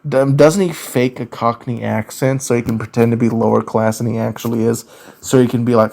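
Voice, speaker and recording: A man with a Southern US accent answers viewer questions in a casual, ranting commentary, talking slowly with many fillers. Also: mid-range voice, fairly even intonation, vocal fry, darkish tone. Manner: slow, drawn-out delivery with many fillers.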